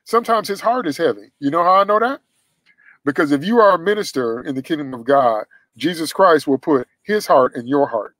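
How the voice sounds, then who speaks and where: A man's voice: on the high side, lively intonation, fairly quick, no room sound, poor audio. Emphatic preacher man, dry close sound. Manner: emphatic, swings from loud to hushed, acts out quoted voices. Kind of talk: sermon.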